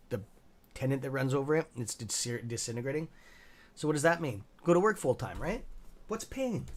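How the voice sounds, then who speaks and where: Rambling, foul-mouthed man chatting casually. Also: medium pitch. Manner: rambling, swears freely, laughs at own jokes. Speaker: host of a live stock trading stream. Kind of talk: casual chat.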